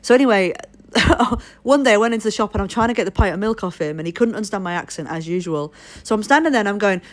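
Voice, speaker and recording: A woman from Leeds, England, who speaks with a posh southern English accent, is chatting on a live stream. Her voice sits at medium pitch and runs a little fast as she rambles through stories packed with swearing.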